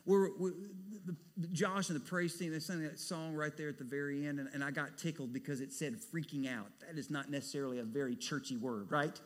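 A man preaching a sermon as pastor, animated, dropping to a hush and rising to loud bursts. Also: a little high, fairly quick. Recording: long hall reverb.

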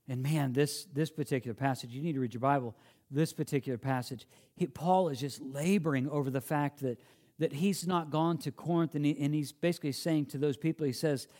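A man's voice: on the high side, normal speed, a little mellow. A man preaching a sermon, earnest and emphatic, often restarting phrases as he quotes and explains scripture.

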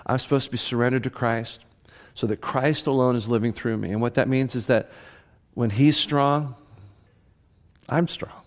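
A man's voice: mid-range voice, normal speed, long pauses. Earnest, emphatic male pastor preaching. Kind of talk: sermon.

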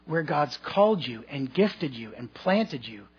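A man's voice: on the high side, sing-song, unhurried, slightly rough, lo-fi sound. A man preaching a sermon to his congregation, telling a personal story in a conversational, humorous way with asides to the listeners. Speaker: pastor.

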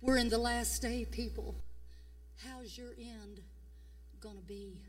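An older woman pastor, preaching a fiery sermon. She swings between shouting and hushed tones in a folksy way. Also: on the high side, steady tone, takes it slowly, recorded from a distance. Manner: folksy, repeats "come on". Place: church.

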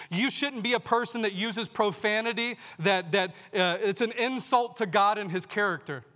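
Bright-voiced preacher in a reverberant hall. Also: male voice, high-pitched. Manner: preaching with rhetorical questions. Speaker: pastor. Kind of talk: sermon. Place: church sanctuary. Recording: long reverb of a large hall.

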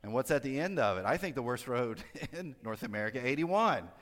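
A man's voice: medium pitch, lively intonation, fairly quick, fairly bright tone, big-room sound. A pastor giving a conversational sermon, drawing his listeners in with friendly tag questions.

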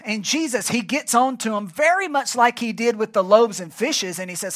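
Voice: medium pitch, animated, moderate pace, hardly any pauses, a bit bright. A pastor preaching a sermon at a church service, emphatic and prompting the congregation to fill in words.

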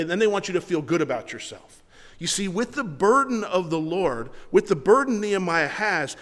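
A male pastor preaching a sermon, emphatic and repeating his words, slowing down to read scripture. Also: sits high. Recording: long hall reverb.

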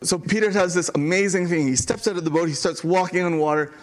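A male pastor delivering a sermon with a fairly high, clear voice. He preaches earnestly, pressing his points by repeating them and letting pauses land. The delivery moves between quick, driving phrases and slower, weighty ones. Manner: earnest, emphatic repetition with dramatic pauses.

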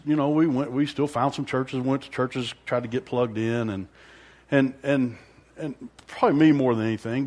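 A man giving a rambling, self-deprecating personal testimony at church, laughing now and then and acting out his own thoughts. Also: mid-range voice.

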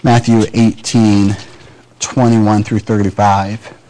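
A man's voice: fairly low pitch, little pitch movement, slow, warm tone, a little hiss or hum, low-quality recording. A man from Michigan with a Midwestern American accent, preaching a sermon in a conversational way and acting out little everyday dialogues. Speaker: pastor.

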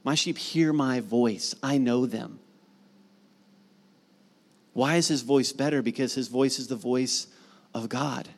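Middle-aged man, pastor, animated conversational sermon, long echo of a large hall. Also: medium pitch, slow, creaky, long pauses. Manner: animated, conversational preaching with rising emphasis.

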